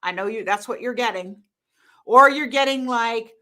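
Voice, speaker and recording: A woman's voice: a little high, moderate pace. A woman hosting a live stream as a hormone coach, talking bluntly and laughing often. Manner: animated, laughing, blunt and emphatic. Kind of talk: casual live-stream talk to viewers.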